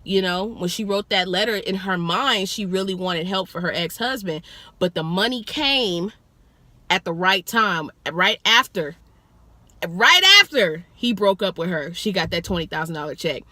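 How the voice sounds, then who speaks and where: Bright, animated woman telling a story. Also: fairly low pitch, moderate pace, dry recording. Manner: profane, animated, acts out quotes. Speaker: rideshare driver telling a passenger story.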